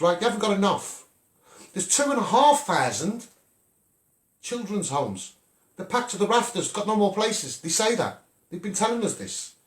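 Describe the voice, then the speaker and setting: A man's voice: sits high, echoey room. A middle-aged man with a Scouse accent, a children's rights campaigner giving a punchy monologue and asking "right?" again and again. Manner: punchy, repeats "right?" for emphasis.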